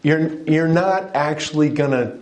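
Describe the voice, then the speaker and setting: A man's voice: fairly high pitch, unhurried, a little mellow. Emphatic preacher man in an echoey room. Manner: emphatic, asks the listeners direct questions. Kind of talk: sermon.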